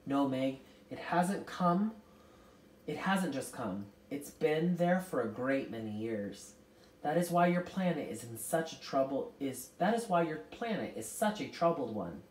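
A woman voicing a kindly, motherly old celestial being who comforts children, speaking gently. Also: low voice, lively intonation, a little slow. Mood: gentle. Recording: roomy, distant mic.

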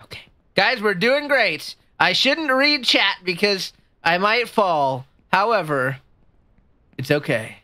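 A woman streaming a video game, chatting casually with her viewers and jumping into a high, squeaky voice when she gets excited or nervous. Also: slow, no echo. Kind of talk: casual gameplay commentary.

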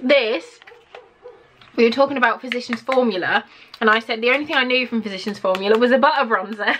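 A woman with a British accent, chatting to camera as she unboxes gifts in an excitable, gushing way full of gasps. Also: fairly high pitch, fast talker, a little hiss or hum. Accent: British English. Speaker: vlogger.

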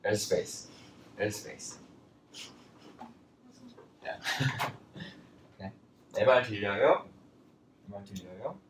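A man teaching a casual language lesson, talking in a loose, chatty way with lots of fillers and lively bursts when he quotes phrases. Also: fairly low pitch, fairly quick, pauses often, far from the mic. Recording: roomy, from off-mic, faint background noise.

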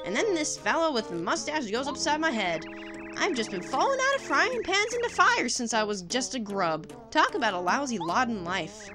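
A woman's voice: fairly high pitch, very animated, moderate pace, over music, pitched above the performer's own voice. A woman voicing an ornery small male creature with a feisty folksy drawl. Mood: grumbling.

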